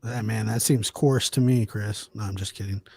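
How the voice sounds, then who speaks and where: A man hosting a podcast, talking in an indignant, halting way with many restarts. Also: on the low side, fairly even intonation, creaky, dark tone, slightly rough. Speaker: podcast host. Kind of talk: casual chat.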